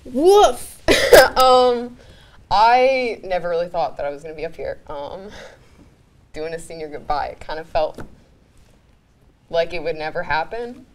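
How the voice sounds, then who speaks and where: A woman's voice: lowish voice, lively intonation, a little slow, pauses often, poor audio. A young woman producing a student TV show, giving a rambling farewell speech while crying, apologizing and laughing through tears, with many ums. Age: young adult.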